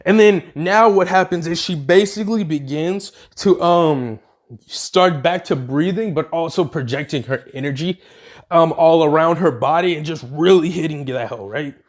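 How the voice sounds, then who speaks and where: A man with a fairly high voice improvising a fan story out loud. He rambles and fills gaps with "like" and "um," correcting himself as he goes along. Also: moderate pace. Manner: rambling, with fillers and self-corrections.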